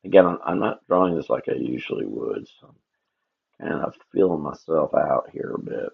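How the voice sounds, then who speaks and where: A man's voice: a bass voice, expressive, normal speed, creaky, a little hiss or hum. A man chatting casually and rambling to himself and his viewers while he draws on a live stream. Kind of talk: casual livestream chat while drawing. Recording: dull lo-fi stream audio.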